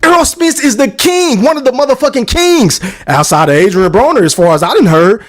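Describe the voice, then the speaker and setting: A man's voice: extremely high pitch, expressive, brisk. A man hosting a podcast, delivering a profane, emphatic boxing rant and repeating lines for effect. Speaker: podcast host.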